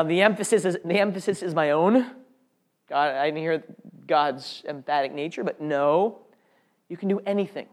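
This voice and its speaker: Earnest man sharing a faith testimony. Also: fairly high pitch. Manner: earnest, heartfelt storytelling. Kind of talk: personal faith testimony to an audience.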